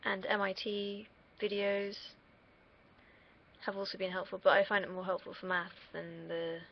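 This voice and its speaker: Young girl chatting on stream, kinda fry-ey voice, rambly and sweary. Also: medium pitch, flat delivery, moderate pace, slight background noise. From United Kingdom. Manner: rambling, drifts off on tangents, casual swearing. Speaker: livestreamer. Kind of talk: casual rambling stream chat. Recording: dull lo-fi stream mic.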